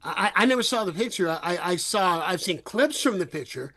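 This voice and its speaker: A middle-aged man from the Bay Area hosting a podcast, telling animated stories in casual chat and laughing freely. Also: high voice, brisk. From US, San Francisco Bay Area. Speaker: podcast host.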